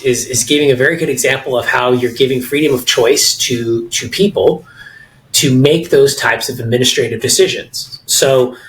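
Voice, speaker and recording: A man's voice: mid-range voice, a bit bright, rough recording. A middle-aged man with an American accent, talking animatedly and with firm opinions as co-host of a casual podcast discussion, often restarting his sentences.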